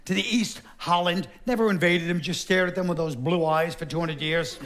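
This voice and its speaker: A middle-aged man doing stand-up comedy on a theater stage, sardonic and deadpan with quick asides. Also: high voice, background noise. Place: Broadway theater stage, live audience. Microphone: stage microphone.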